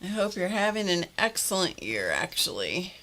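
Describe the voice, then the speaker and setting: A woman's voice: fairly low pitch, sing-song, normal speed, bright, forceful tone. An older woman hosting a live stream, chatting casually with viewers, greeting them by name and laughing often. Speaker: livestream host greeting viewers. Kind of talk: casual chat reading viewer comments.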